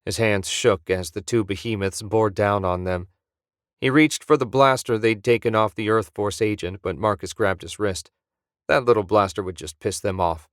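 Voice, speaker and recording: A man narrating a science-fiction audiobook in a steady storytelling manner on a close mic. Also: on the low side, moderate pace, dry recording.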